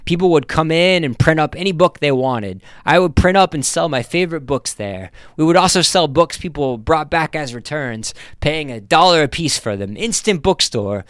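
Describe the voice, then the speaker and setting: A man voicing a shy, sad young woman who self-publishes her books. Her talk is soft, plaintive and rambling in a smooth, dry read-aloud voice. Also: a little high, expressive, normal speed, hardly any pauses, no room sound, pitched above the performer's own voice.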